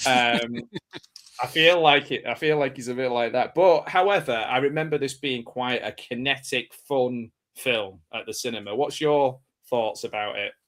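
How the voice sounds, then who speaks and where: A man's voice: mid-range voice, unhurried, a bit bright. A man hosting a live watch-party stream, chatting casually and laughing often. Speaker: stream host.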